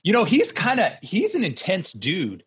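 Animated man podcast host, bright tone. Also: sits high, moderate pace, husky. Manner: rambling, animated storytelling. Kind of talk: casual interview.

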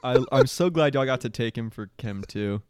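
A young man co-hosts a podcast in a casual chat, joking around, being playfully stubborn, and laughing a lot. His voice is medium-pitched, a little mellow, clear and resonant, at a normal speed. The sound is dry and studio-clean.

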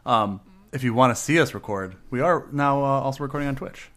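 A man's voice: mid-range voice, fairly quick, a bit bright. A man co-hosting a casual podcast, joking and rambling, laughing often. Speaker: podcast co-host.

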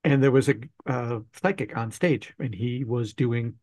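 A man hosting a podcast interview, telling a relaxed anecdote from his research. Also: medium pitch, a little slow, no room sound. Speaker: podcast host, mystery author. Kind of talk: conversational interview.

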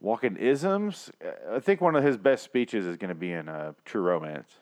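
A man's voice: low voice, sing-song, brisk. A man co-hosting a casual movie-review podcast, swearing freely, rambling and laughing often. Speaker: podcast co-host.

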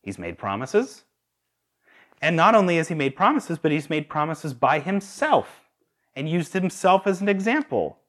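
Animated male preacher with lively pitch. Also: normal speed. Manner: animated, asks the audience rhetorical questions. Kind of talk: sermon.

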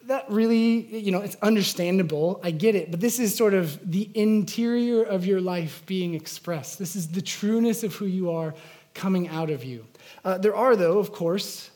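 A man's voice: high voice, normal speed, dark tone. A man preaching a sermon as pastor, in an earnest, conversational way with frequent fillers and restarts.

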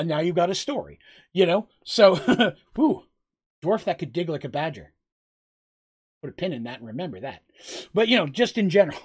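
A man's voice: sits high, breathy edge. A man running a tabletop game, rambling casually with lots of fillers and frequent laughs as he narrates and answers questions. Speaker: game master.

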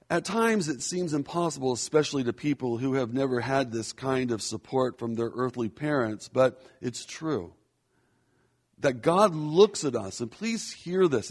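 A man preaching a sermon in an earnest, measured way, slowing down to stress key phrases. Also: mid-range voice, husky. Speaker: pastor.

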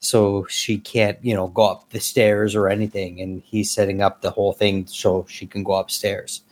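A man's voice: on the low side, level tone, normal speed. A man appearing as a podcast guest, chatting casually about comics in a loose way, with lots of fillers and some swearing.

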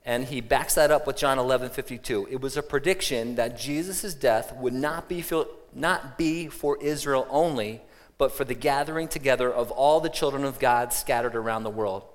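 A man's voice: mid-range voice, normal speed. A man preaching a sermon as pastor, conversational and plain, often restarting his phrases and telling a joke along the way. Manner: conversational, tells a joke, frequent restarts and fillers. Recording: long hall reverb.

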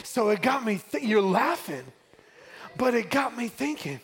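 A man's voice: extremely high pitch, big pitch swings, unhurried, faint music behind. A middle-aged man from West Texas preaching a sermon, building call-and-response refrains and telling a family story. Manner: call-and-response, rising to shouts.

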